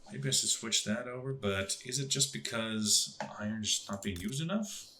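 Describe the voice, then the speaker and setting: A man's voice: fairly low pitch, normal speed, pushed and bright, slight background noise. A man casually thinking aloud as he plays a strategy game, musing to himself as he clicks through menus. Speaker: gaming channel host.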